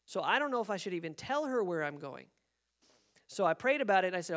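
A man preaching as a pastor, telling a personal story in an animated way and acting out the quotes. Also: high-pitched, fast. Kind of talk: sermon storytelling. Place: church sanctuary.

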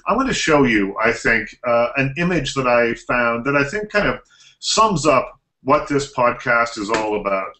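A chatty man co-hosting a podcast who rambles with a bright, crisp tone. His voice rings in an echoey room. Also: medium pitch, very animated, normal speed, slight background noise. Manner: rambling, chatty, many fillers. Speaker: podcast co-host. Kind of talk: casual chat.

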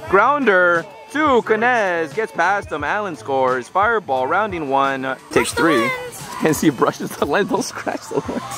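A man calling softball plays casually with playful asides, outdoors at a game. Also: high voice, lively intonation, measured pace. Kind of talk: casual play-by-play commentary.

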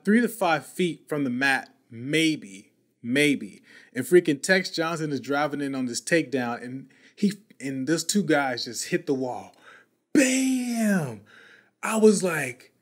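Male podcast host, a touch high-pitched, in casual story mode with lots of restarts. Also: unhurried. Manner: animated, slangy, repeats and restarts words.

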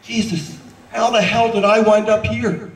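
An exasperated, gruff baseball coach yelling at his players, as a man reads him aloud. The voice sits higher than usual and is strained with frustration. The recording is roomy and echoey, picked up from a distance. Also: level tone, measured pace.

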